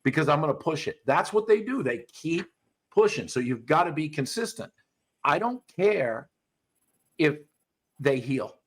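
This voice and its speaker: A man's voice: fairly high pitch, big pitch swings, measured pace, long pauses. A man who trains dogs, coaching a student in a casual chat, blunt and swearing freely. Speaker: dog trainer.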